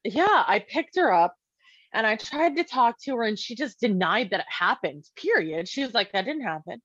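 A woman's voice: on the high side, very animated, moderate pace, fairly bright tone, husky, dry recording. Woman, parent sharing her own story, loose chatty delivery, acts out quotes, dry slightly muffled sound. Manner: conversational, many "like" fillers, acts out quoted dialogue. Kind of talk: casual personal storytelling.

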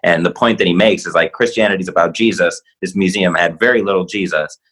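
A man's voice: deep voice, fast talker, husky, low-quality recording. A man hosting a podcast, chatting loosely about comedy clips with lots of fillers. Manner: relaxed, filler-heavy, chuckling. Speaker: podcast host. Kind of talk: casual chat.

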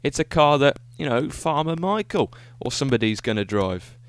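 In a dry recording, a man with an expressive, medium-pitched voice talks at normal speed on his solo podcast. The monologue is casual, enthusiastic, and rambling, with frequent self-corrections.

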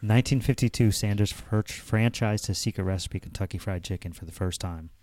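Laid-back deep-voiced podcast co-host. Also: male voice, brisk, a little mellow. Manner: laid-back, agreeable, reads facts aloud. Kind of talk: casual chat.

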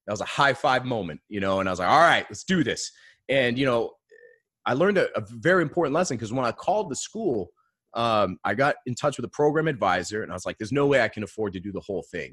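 A man telling a personal story in a casual interview, earnest and animated, often adding "man.". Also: lowish voice, fast, breathy edge, dry recording, clean studio sound. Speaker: guest.

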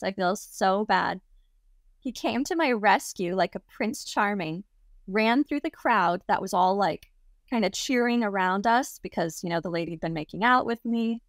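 A woman guest telling a story in a casual, lively way. She laughs often and acts out the people she quotes. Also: mid-range voice, no room sound, studio quality. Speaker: interview guest.

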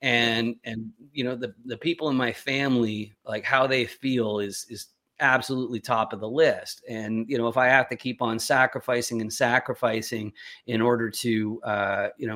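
A man's voice: mid-range voice, a bit bright. Rambling man, casual guest. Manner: rambling, many fillers and restarts. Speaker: podcast guest. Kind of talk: casual chat.

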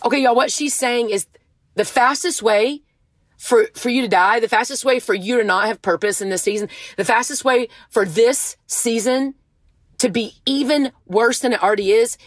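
A woman's voice: a little high, moderate pace, dry recording. Earnest woman preaching with passion. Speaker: faith speaker. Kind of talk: passionate devotional talk.

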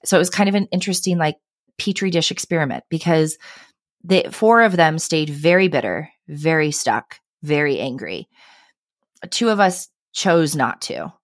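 A woman in her thirties, guesting on a podcast, earnestly and animatedly tells personal stories in a conversational interview, often tossing in "right?" and "I mean." Her low, expressive voice moves at a normal speed, recorded cleanly in a studio with no room sound.

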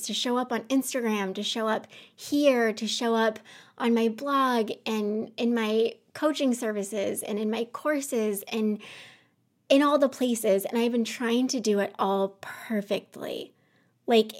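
A woman podcast host in her home office, talking through an unscripted personal monologue. She sounds emotional and close to tears, earnest and self-reflective, and she rambles a little. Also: on the high side.

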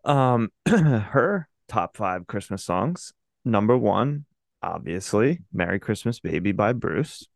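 A man's voice: on the low side, very animated, takes it slowly, gravelly, dry recording, studio quality. A young man co-hosting a podcast, chatting casually and joking while reading out listener emails. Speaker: podcast co-host.

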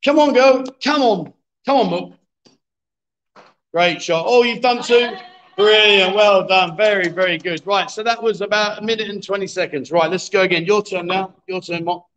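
A man's voice: sits high, moderate pace, a bit bright, a little hiss or hum, low-quality recording. Jokey man hosting a livestream. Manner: jokey, coaxing, chatty with viewers. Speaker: livestream host. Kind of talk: live-streamed pool game commentary. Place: bar with a pool table.

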